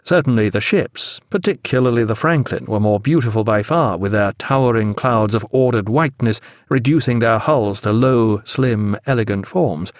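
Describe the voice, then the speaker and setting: This is scripted audiobook narration: a man reading from a novel with a measured, expressive delivery. He speaks at medium pitch, and the clean studio sound carries no echo.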